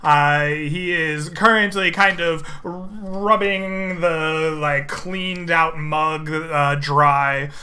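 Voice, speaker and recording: Slow, bright-voiced male game master. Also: fairly high pitch. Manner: relaxed, descriptive, with fillers. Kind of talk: narrating a tabletop game.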